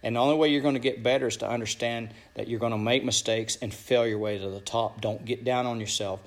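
A man's voice: mid-range voice, steady tone, quick pace. A man coaching young bull riders and their parents, talking bluntly and swearing, and he keeps asking "you know what I'm saying?". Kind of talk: motivational talk to young riders.

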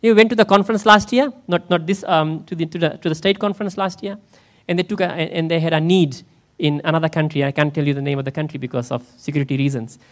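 A man's voice: a little high, quick pace, hardly any pauses. A man in the role of pastor, preaching a conversational sermon in church and often asking his listeners questions. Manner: conversational, asks the congregation questions.

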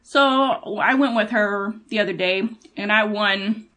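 A woman's voice: medium pitch, unhurried, bright, forceful tone. A woman co-hosting a casual chat, telling everyday stories and acting out what people said. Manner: chatty storyteller, quotes people in dialogue. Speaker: podcast co-host.

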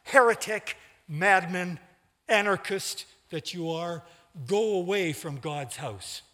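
A man voicing a furious, fanatical male pastor in a read-aloud story, with shrill shouted outbursts. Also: takes it slowly, heavily acted. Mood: raging. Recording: long hall reverb.

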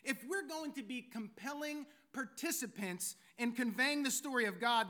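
A man's voice: very high-pitched, animated, moderate pace, hardly any pauses, pushed and bright. A man preaching a sermon as pastor, with a theatrical delivery from his years on stage. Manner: theatrical, former stage performer.

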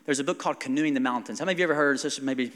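A man in his forties preaches in a casual, animated way and slips into little acted-out quotes. His mid-pitched voice carries into a church hall with a long reverb tail. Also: racing. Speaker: pastor. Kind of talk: sermon.

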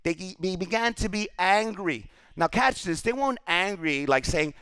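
A male pastor preaching a sermon, retelling scripture with animated storytelling. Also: sits high, normal speed, few pauses, clear, resonant tone, no room sound.

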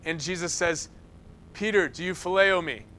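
Bright high-voiced man preaching. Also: moderate pace, a little hiss or hum. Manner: animated storytelling, acts out quotes. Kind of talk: sermon.

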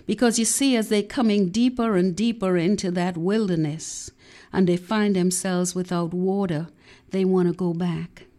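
A woman preaching a sermon, slow and emphatic, dotted with amens and hallelujahs. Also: on the low side, steady tone, warm tone.

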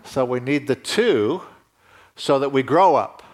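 Male pastor, mid-pitched, easygoing conversational sermon delivery that lifts and presses on key lines. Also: expressive, a little slow. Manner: conversational preaching, rising emphatically at key points.

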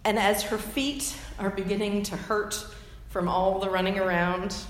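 A woman preaching a sermon, retelling a story with imaginative detail and gentle asides. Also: mid-range voice, fairly even intonation, a little slow. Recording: echoey hall with faint ambience.

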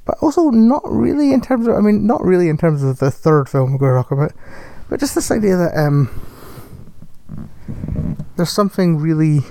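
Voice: mid-range voice, lively intonation, moderate pace, creaky, mellow, no room sound. A person chatting casually about a film, rambling, correcting themselves and laughing often. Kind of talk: casual film review chat.

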